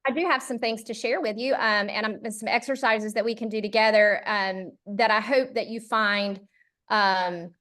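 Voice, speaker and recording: A woman's voice: medium pitch, fairly even intonation, moderate pace, fairly bright tone. Middle-aged Southern woman from Georgia. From Georgia, USA. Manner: friendly, many ums and uhs, says y'all. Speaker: charter school consultant leading a workshop. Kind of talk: virtual workshop presentation.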